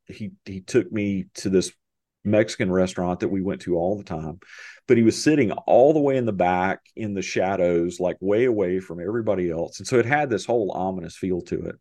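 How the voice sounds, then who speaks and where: Deep-voiced man telling an emotional story. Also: a little mellow, dry recording. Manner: halting, many restarts and fillers, emotional, laughs often. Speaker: podcast guest. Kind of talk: conversational storytelling.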